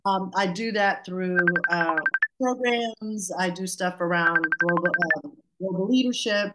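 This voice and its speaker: A woman's voice: medium pitch, a little slow, very noisy. A middle-aged woman with a Southern US accent from Georgia, presenting on a webinar over a video call in a chatty, playful, self-joking way. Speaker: guest speaker.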